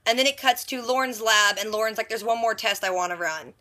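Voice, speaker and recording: A woman vlogger recapping a TV episode in a chatty, animated way, exclaiming in disbelief at the twists. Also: on the high side, fairly quick, few pauses. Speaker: TV reaction vlogger.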